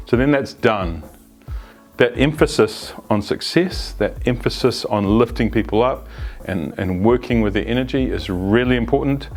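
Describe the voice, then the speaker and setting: A man's voice: mid-range voice, moderate pace, soft background music. A man gives an unscripted, conversational explanation as an agile coach, often restarting phrases and adding asides. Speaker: agile coach presenting a video series. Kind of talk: unscripted instructional talk.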